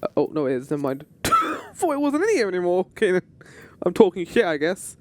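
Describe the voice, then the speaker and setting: A man's voice: sits high, wildly swooping pitch, brisk. A man streaming a game, chatting casually and joking with frequent laughs. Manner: chatty, jokey, laughs often. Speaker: gaming streamer.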